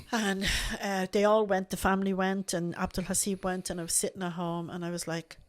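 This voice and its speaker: A woman's voice: mid-range voice, level tone, normal speed. A woman, a podcast guest telling her story earnestly and repeating phrases for emphasis. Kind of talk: emotional personal storytelling.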